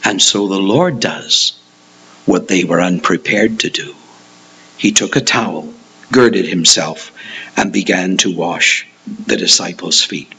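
A man's voice: low-pitched, takes it slowly, gravelly, pushed and bright, breathy edge, low-quality recording. A man preaching a verse-by-verse Bible teaching, stressing key words and acting out the disciples' protests in a raised voice. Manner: emphatic, acts out Peter's protests in a raised voice.

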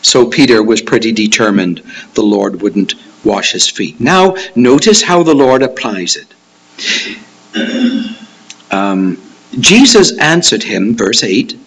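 A husky-voiced male preacher teaching slowly through a passage. His pitch swings widely, climbing high when he voices a protesting disciple and dropping low for quiet asides. The delivery is unhurried and deliberate. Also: sing-song, low-quality recording. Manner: emphatic, acts out Peter's protests in a raised voice. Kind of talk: expository Bible teaching.

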